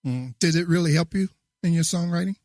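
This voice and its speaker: A man hosting a podcast interview, relaxed and friendly, laughing often. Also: a little high, fairly quick, dry recording, clean studio sound. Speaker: podcast host. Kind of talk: casual interview chat.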